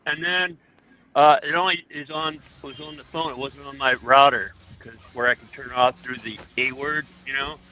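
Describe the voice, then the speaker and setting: A man's voice: mid-range voice, steady tone, normal speed, pushed and bright, lo-fi sound. A man calling into a podcast, telling a casual anecdote with laughs. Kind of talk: casual chat.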